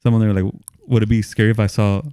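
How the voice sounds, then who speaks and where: A man co-hosting a casual movie review podcast, laid-back and quick to agree. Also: fairly low pitch, flat delivery, mellow, clear, resonant tone, no echo, clean studio sound. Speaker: podcast co-host.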